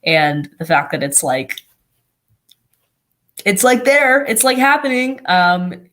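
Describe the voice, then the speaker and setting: A young guest talking about their own life on a video call, excited and chatty, with many "like"s and restarts. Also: mid-range voice, slow. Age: teens or young adult. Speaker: youth guest blogger. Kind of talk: casual live-stream conversation.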